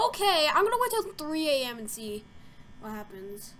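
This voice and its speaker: High, lively young woman gaming. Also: moderate pace. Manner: jumpy, easily startled, frequent gasps and squeals; rambling, filler-heavy talk. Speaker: gaming video creator. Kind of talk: casual let's-play commentary.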